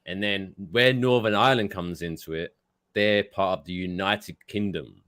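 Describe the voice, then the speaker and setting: A man's voice: deep voice, moderate pace, fairly bright tone, smooth, no room sound, clean studio sound. A middle-aged man from Britain, co-hosting a podcast in casual chat and telling stories at length. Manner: chatty storyteller, explaining at length. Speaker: podcast co-host.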